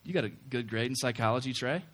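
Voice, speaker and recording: A man's voice: mid-range voice, fast, a bit bright. A man giving a casual, joking sermon to a campus group after an opening prayer. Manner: conversational and joking, self-deprecating asides. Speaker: campus ministry speaker.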